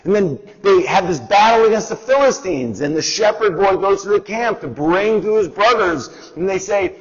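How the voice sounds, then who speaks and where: A man's voice: high voice, lively intonation, fairly quick, hardly any pauses. A man teaching a Bible lesson in a conversational, explanatory way, sometimes asking listeners to repeat after him and acting out quotes. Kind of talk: Bible lesson, call and response. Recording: dull audio with long hall reverb.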